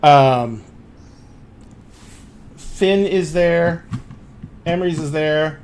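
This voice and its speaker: A man's voice: fairly high pitch, drawn-out words, darkish tone, a little hiss or hum. A man narrating as game master of a tabletop game, loose and full of fillers.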